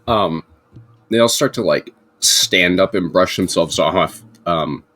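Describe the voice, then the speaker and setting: A man narrating as game master in a tabletop game, in a relaxed, hesitant manner with lots of ums. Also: deep voice, takes it slowly. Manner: relaxed, hesitant, many fillers.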